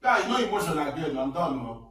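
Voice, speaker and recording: A man's voice: a little high, big pitch swings, brisk, bright, forceful tone. A man in casual podcast banter, joking and teasing, slipping into pidgin. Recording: echoey room, distant mic, noise.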